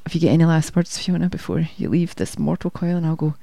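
A woman's voice: sits low, level tone, fast talker, creaky, dark tone, no room sound. A woman with a Scottish accent co-hosting a casual music show, chatty and rambling. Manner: chatty, rambling, laughs easily. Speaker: co-host. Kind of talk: casual radio chat.

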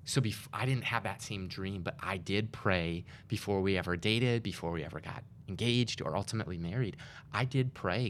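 Deep-voiced young man hosting an interview. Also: normal speed, a little hiss or hum. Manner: emphatic, affirming interjections. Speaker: host.

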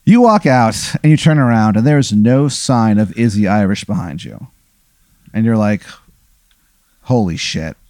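A man's voice: lowish voice, normal speed, dry recording. A young man running an improvised comic scenario as game master, casual and profane. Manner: casual, swears a lot, animated retelling. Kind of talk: improvised comedic storytelling.

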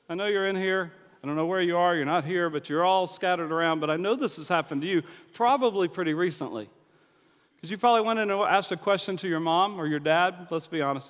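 A man's voice: high voice, a bit bright. A man preaching a sermon in a loose, conversational way, acting out bits of dialogue. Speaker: pastor. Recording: long hall reverb.

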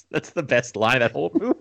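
A man's voice: medium pitch, sing-song, fairly quick, creaky, fairly bright tone. A man in his thirties chatting casually about movies as a podcast co-host, rambling with many fillers and frequent laughs.

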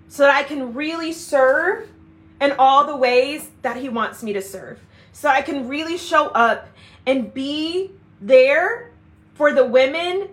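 Slow, high-voiced earnest woman. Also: a bit bright. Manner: earnest, heartfelt, repeats phrases for emphasis. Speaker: leader of a women's community. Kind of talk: personal faith vlog monologue.

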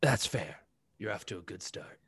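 A man's voice: on the low side, animated, moderate pace, fairly bright tone, husky, no room sound, clean studio sound. A man reading his own comedy script aloud and chatting casually, self-mocking and laughing often.

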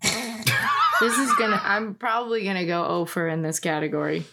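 A woman's voice: medium pitch, fairly even intonation, moderate pace, creaky, heavy background noise. A woman competing in a trivia game with friends, self-deprecating and giggly. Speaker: quiz contestant. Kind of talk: casual chat.

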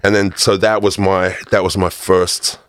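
A man with a deep, gravelly voice and a mixed accent that carries a soft American twang. He rambles casually through his stories, circling back with plenty of "you know." The sound is close and dry. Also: level tone, a little slow, no echo. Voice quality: low gravelly voice. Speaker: radio DJ and presenter, guest. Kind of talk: casual storytelling chat.

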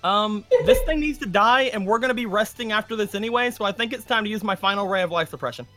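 A man's voice: high voice, fast, pushed and bright, faint music behind. A man playing a tabletop game, chatty and joking, who repeats words while he thinks. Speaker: player. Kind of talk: casual tabletop play.

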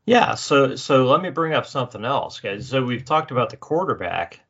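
A man's voice: mid-range voice, sing-song, normal speed, gravelly, fairly bright tone, breathy edge, dull audio. A man co-hosting a sports podcast, chatting casually and hesitantly, with many fillers. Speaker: podcast co-host.

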